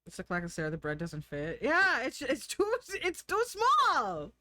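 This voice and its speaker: A woman's voice: a little high, wildly swooping pitch, normal speed, sharp tone, no room sound, clean studio sound. Giggly American woman streamer. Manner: chatty, giggly, thinks aloud. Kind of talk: casual live-stream chat.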